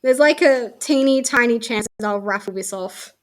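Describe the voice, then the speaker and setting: A woman's voice: fairly high pitch, normal speed. Chatty Australian woman streamer. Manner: chatty, swears casually, trails off mid-sentence. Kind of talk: casual chat while unboxing.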